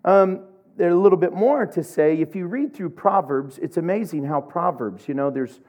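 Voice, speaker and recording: A middle-aged man from Oklahoma preaching a sermon, telling humorous, animated stories. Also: high voice, normal speed, highs cut off. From Oklahoma, USA. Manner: humorous, animated storytelling with laughs.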